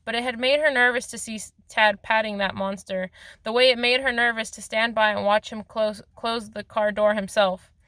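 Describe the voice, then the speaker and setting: A woman's voice: mid-range voice, a bit bright, dry recording. A woman reading a novel aloud in a plain voice, with occasional slips and restarts. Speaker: reader of a novel.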